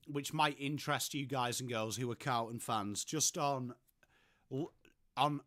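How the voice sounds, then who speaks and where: English male stream host, bright forceful voice, dry close sound, chatty and sweary. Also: medium pitch, no echo. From England. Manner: chatty, sweary, reads out and answers chat. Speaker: livestream host. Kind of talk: casual live-stream chat.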